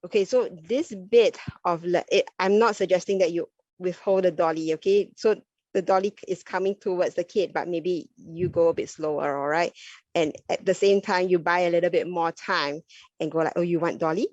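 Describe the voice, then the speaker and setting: Low-voiced woman explaining child language. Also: moderate pace, darkish tone, no room sound. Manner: explanatory, often checks in with "okay?" and "all right?". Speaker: speech therapist. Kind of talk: educational talk. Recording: dull lo-fi dry recording.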